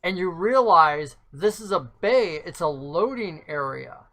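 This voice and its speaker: Bright, vivid game master narration. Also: mid-range voice, lively intonation, measured pace. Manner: vivid, descriptive scene-setting.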